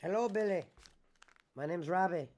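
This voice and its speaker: A man with a notably high voice chats casually on a livestream, reading out comments from viewers between remarks. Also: normal speed, a little mellow, slight background noise. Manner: reads out viewer chat comments. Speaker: stream host.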